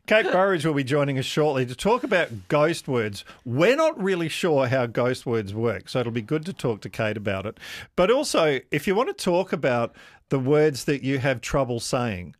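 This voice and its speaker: A man hosts a radio talk show in an easy, chatty way, inviting calls and texts. His mid-pitched voice sounds close and dry in the studio. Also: moderate pace, no room sound. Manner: relaxed, chatty. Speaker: radio host. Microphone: studio microphone.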